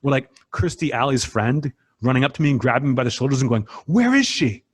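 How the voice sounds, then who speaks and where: A man's voice: medium pitch, fairly even intonation, quick pace, slightly rough. A man in his forties, a comedian guest on a podcast, telling loose anecdotes full of fillers and casual swearing.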